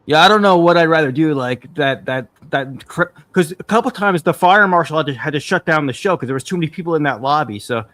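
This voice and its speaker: A man guesting on a podcast, chatting casually in a loose, fast manner and swearing freely. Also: a little high, lively intonation, fairly bright tone, no room sound. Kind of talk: casual chat.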